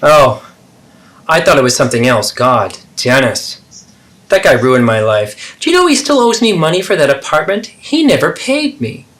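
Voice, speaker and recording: A man's voice: fairly high pitch, big pitch swings, normal speed, fairly bright tone, voice pushed up. A man voicing a defensive, self-pitying middle-aged mother in a therapy role-play, deflecting and indignant. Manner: dramatic, deflecting, swings between hurt and indignant.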